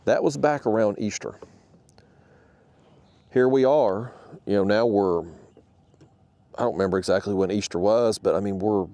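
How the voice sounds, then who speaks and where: A man who hosts a fishing channel, telling a story to the camera in an animated, exasperated rant. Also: on the low side, no room sound.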